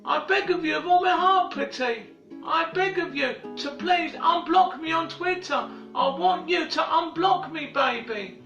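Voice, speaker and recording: High-voiced man pleading in an echoey room. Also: creaky, muffled recording. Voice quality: high-pitched, repetitive, halting. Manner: begging, loops phrases, shouts apologies. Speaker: internet personality in archive clips. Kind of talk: rambling pleading video messages. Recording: echoey room, distant mic, faint music.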